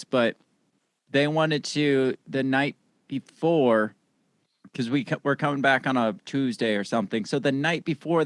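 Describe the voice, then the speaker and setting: A man's voice: mid-range voice, dry recording. Laughing man in dry close sound. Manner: laughing, profane banter. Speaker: podcast guest. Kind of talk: casual podcast chat.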